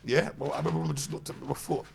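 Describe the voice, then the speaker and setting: A man, telling loud, slang-heavy, swearing stories as a podcast guest. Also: medium pitch, steady tone, fast, vocal fry, slightly rough. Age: 30s. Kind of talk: animated anecdote telling.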